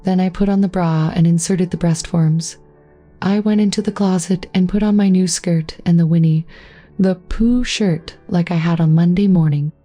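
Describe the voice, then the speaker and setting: A woman narrating a first-person story in a steady, even reading voice. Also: on the low side, moderate pace, dry recording, soft background music.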